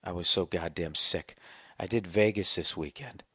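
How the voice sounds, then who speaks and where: A man's voice: low voice, normal speed, pushed and bright, slightly rough, no room sound, clean studio sound. A man hosting a podcast at home, whispering his casual, profane, ranting monologue so his sleeping partner isn't woken. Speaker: podcast host. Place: home, partner asleep next room.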